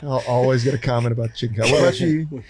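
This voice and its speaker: A man's voice: medium pitch, quick pace, darkish tone, slightly rough, no echo. A man in casual podcast chat, laid-back and joking at his own expense.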